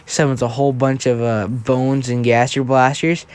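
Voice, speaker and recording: A man's voice: mid-range voice, level tone, moderate pace, a little mellow, clear, resonant tone. A young man casually telling a fan-fiction story, rambling and often checking in with "right?". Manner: rambling, with frequent restarts and "right?".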